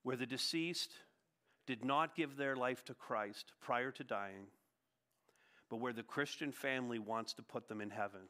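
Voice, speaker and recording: A man preaching a sermon as a pastor, emphatic and earnest, moving between raised declarations and quieter passages. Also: medium pitch, measured pace. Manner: emphatic preaching, swinging from loud to hushed.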